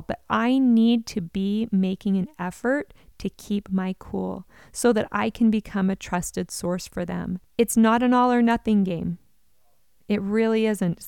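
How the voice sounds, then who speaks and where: A woman's voice: mid-range voice, creaky, a little mellow, clean tone, no room sound, studio quality. Earnest woman giving parenting advice. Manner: earnest, encouraging, speaks straight to the listener. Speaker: parenting educator.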